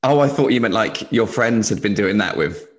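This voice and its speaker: A man's voice: on the low side, expressive, moderate pace. A young man from England hosting a casual podcast over a video call, hesitant with fillers and laughing often. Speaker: podcast host.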